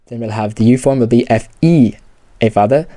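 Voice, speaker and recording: A man's voice: mid-range voice, a little fast, warm tone, no room sound. A man explaining grammar step by step in a patient lesson, often saying "you know" and "okay". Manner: patient, repeats key terms, many fillers like "you know" and "okay". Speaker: language teacher.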